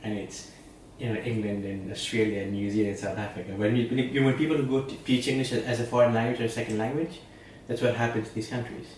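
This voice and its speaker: A man's voice: lowish voice, fast, few pauses, a little hiss or hum. Indian man chatting, echoey and distant. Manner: animated, frequent restarts and laughter. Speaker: podcast co-host. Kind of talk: casual chat. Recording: echoey room, distant mic.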